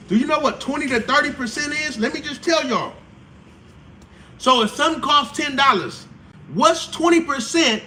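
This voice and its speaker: A man, hosting a casual live stream explainer, slangy and animated, acting out quotes. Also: extremely high pitch, slight background noise.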